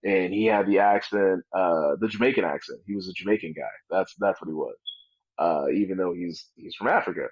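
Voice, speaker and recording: A man with a fairly low voice chats casually as an interview guest, spinning jokes and animated stories. The sound is dry and close, with a dull, slightly muffled quality. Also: fairly quick, no echo. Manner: joking, animated storytelling with comic voices. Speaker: wrestler guest.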